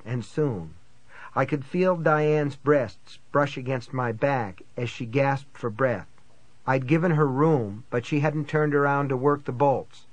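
A man's voice: medium pitch, no room sound. Man narrating a tense thriller. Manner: tense, measured storytelling. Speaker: audiobook narrator. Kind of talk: first-person thriller narration.

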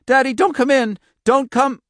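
A man voicing a terrified, furious young girl who shouts desperately, in a dry, close recording. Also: medium pitch, fairly even intonation, moderate pace, no room sound, natural voice. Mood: frightened.

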